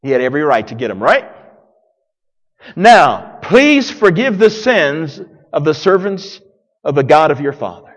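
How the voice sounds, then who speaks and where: A man preaching a sermon as pastor, dramatic, swinging from loud declarations to hushed near-whispers. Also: on the high side, big pitch swings, a little slow. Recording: long reverb of a large hall.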